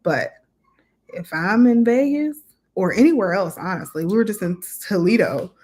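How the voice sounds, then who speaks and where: A woman's voice: medium pitch, expressive, normal speed, a little mellow. A woman in her forties co-hosting a casual live chat, candid and laid-back as she teases back at her husband. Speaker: co-host of a couple's channel.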